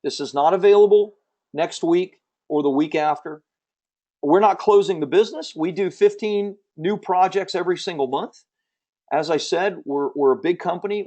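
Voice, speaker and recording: A man hosting a live webinar, giving an emphatic, persuasive sales pitch and answering audience questions from the chat. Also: warm tone. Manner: emphatic, persuasive salesman, repeats key points. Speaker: webinar host selling publishing services.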